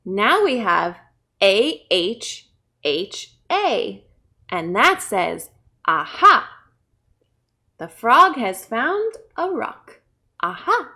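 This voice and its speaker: A woman children's librarian reading a picture book aloud to kids, playful and bursting into loud exclamations. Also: a little high, very animated, drawn-out words. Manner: playful, with big shouted exclamations.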